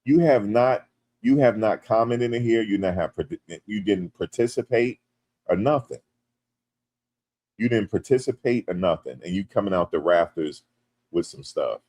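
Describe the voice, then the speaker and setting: A man from the United States hosting a casual livestream. He reads viewer comments aloud and jokes back, turning loud and animated when teased. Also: fairly low pitch, normal speed. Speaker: livestream host.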